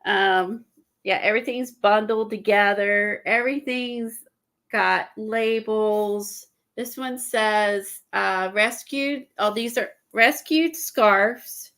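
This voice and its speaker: Woman, slightly breathless and stuffy, slow unhurried pace, rambling casual chat, lots of ums and restarts. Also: medium pitch, steady tone, fairly bright tone. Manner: rambling, halting, many fillers and restarts. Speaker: guest showing art supplies. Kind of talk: casual chat on an art livestream.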